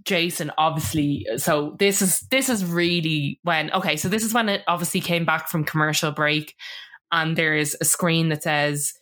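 Chatty woman recapping, low voice. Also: normal speed, a bit bright. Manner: chatty storyteller who laughs often. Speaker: podcast co-host recapping a reality show. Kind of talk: casual chat.

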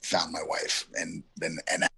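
Deep gravelly man from Yonkers. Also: monotone, a little slow, sharp tone. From Yonkers, New York. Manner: rambling, reflective, heavy on fillers. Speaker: guest actor. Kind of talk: casual interview storytelling.

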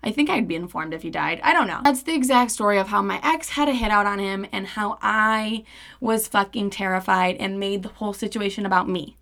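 A young woman hosting a podcast, telling a story in casual, animated, profane chat and acting out the quoted dialogue. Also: mid-range voice, fairly quick. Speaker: podcast host.

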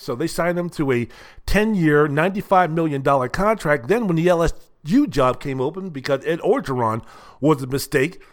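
An older man hosting a solo sports talk show, with a fairly high-pitched voice. He rambles bluntly and profanely, leaning on plenty of fillers as he works through his thoughts. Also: animated, brisk. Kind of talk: casual solo sports commentary.

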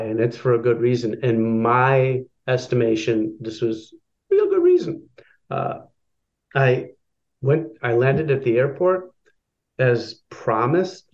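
Male guest, mid-range voice, storytelling with fillers, lo-fi recording. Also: mid-range voice. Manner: personal, animated storytelling with filler words. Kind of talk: storytelling in an interview.

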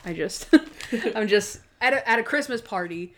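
A woman talks through TV episodes on her podcast in a loose, chatty way. She peppers everything with "like" and jumps between quick asides. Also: medium pitch, animated, fairly bright tone, a little hiss or hum. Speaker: podcast co-host. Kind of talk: casual chat recapping TV episodes.

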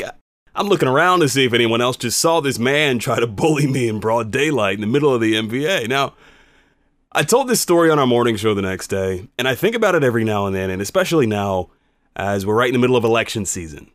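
A man, a radio host, telling a personal story in an animated, conversational, emphatic way. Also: mid-range voice, fast, no room sound, clean studio sound.

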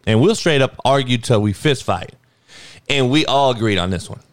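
A man hosting a podcast, delivering a blunt, heated, profanity-laced sports rant that climbs into yelling. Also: mid-range voice, lively intonation, moderate pace, dry recording, studio quality. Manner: blunt, heated, swearing, rising to a yell. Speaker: podcast host.

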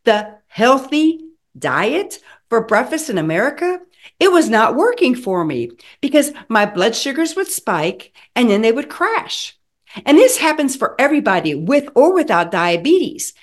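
Woman in her sixties, health coach, personal story, lively swooping pitch, fairly high voice, dramatic delivery. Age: 60s. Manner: animated, dramatic retelling with acted quotes.

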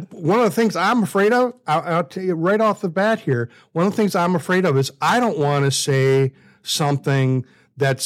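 Man, fifties, from the US, podcast co-host, candid, self-deprecating, rambling, casual talk. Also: on the high side. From United States. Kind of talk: casual conversation.

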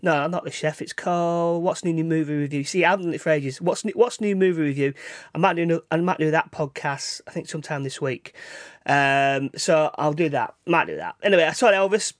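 A man hosting a casual solo podcast, rambling along, repeating and restarting his words, with sudden excitable bursts. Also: fairly high pitch, fairly quick, no echo, studio quality. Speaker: podcast host. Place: indoors, rain outside.

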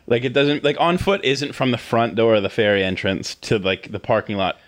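A young man co-hosting a podcast, talking casually in an animated, slangy way. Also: medium pitch, a little fast. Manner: animated, slangy, calls his friend "brother". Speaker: podcast co-host. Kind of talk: casual chat.

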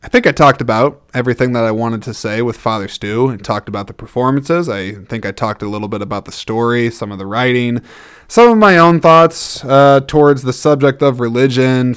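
A man's voice: mid-range voice, smooth. A man hosting a casual solo podcast, thinking aloud in a rambling, easygoing way with lots of restarts and self-deprecating asides. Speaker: podcast host reviewing movies.

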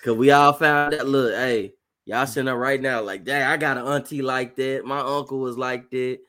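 A man hosting a casual podcast chat, telling animated stories and slipping into exaggerated voices. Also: mid-range voice, moderate pace. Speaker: podcast host.

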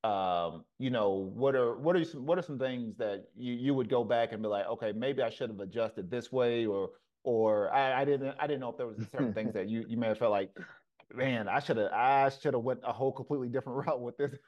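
A man hosting a casual podcast interview, asking questions in a halting way with many restarts. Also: medium pitch. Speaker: podcast host. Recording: slightly dull lo-fi sound.

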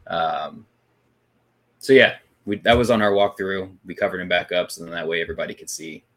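Low-voiced man rambling through a recap. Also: fairly quick, a bit bright. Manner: rambling, with frequent restarts and fillers. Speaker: paranormal investigation podcast co-host. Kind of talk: casual recap chat.

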